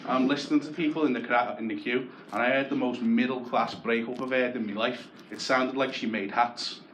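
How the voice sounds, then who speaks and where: A man's voice: medium pitch, steady tone, brisk, slight background noise. Wry Scouse man doing stand-up. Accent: Liverpool Scouse. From Croxteth, Liverpool, England. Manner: wry, self-deprecating and sweary. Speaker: stand-up comedian. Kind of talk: stand-up comedy set. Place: comedy club stage. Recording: echoey club with loud audience laughter.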